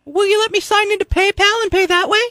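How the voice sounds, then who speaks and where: A man voicing a sweet young girl in a comedy radio bit, squeaky and pleading. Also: steady tone, fast talker.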